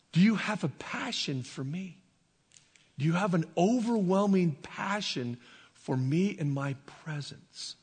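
A man preaching a sermon, telling a personal story in a halting, emotional way, stumbling over and repeating his words. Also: sits high, animated, breathy edge, long reverb tail. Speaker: pastor. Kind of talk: sermon testimony.

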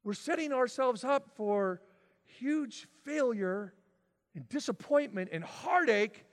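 Man, pastor, sermon, high voice, long reverb, dramatic loud-soft swings. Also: lively intonation, slow pace. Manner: dramatic swings from shouting to near-whisper.

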